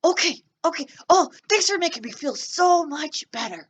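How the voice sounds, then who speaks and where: A woman's voice: expressive, moderate pace. A woman voicing a shy, nervous young boy who stammers and gushes, on a children's storytime show. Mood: excited. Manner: stammering, gushing, wide pitch swings.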